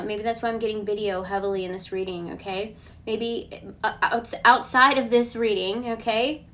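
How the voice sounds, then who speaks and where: A woman with a slightly high voice gives a casual group tarot reading. She talks in a relaxed, reassuring way and keeps checking in with a questioning "okay?" A faint hum of noise sits under her voice. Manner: chatty, ends points with a questioning "okay?"; relaxed and reassuring, thinks aloud with fillers. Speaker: tarot card reader.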